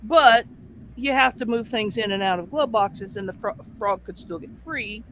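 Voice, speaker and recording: A man host telling a casual anecdote, animated and full of vivid sound effects. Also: sits high, moderate pace, a little hiss or hum, rough recording.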